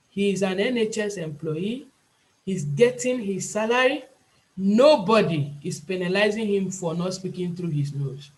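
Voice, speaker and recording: A woman's voice: on the low side, a little mellow. A Nigerian woman tutoring a class over a video call, talking in an emphatic, pleading way and often repeating herself. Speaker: IELTS tutor and nurse. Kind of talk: online class lecture.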